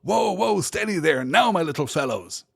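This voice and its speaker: A man voicing Tom Bombadil, a merry, booming old man who talks in a bouncy, sing-song rhythm. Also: animated, moderate pace, gravelly, fairly bright tone, slightly rough, no echo, studio quality, exaggerated voice. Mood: jolly.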